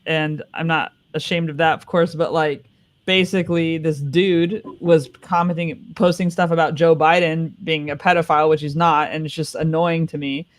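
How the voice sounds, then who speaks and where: A man's voice: fairly high pitch, flat delivery, normal speed. An American comedian man, telling a story in a laid-back, casual way on a comedy panel. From California, USA.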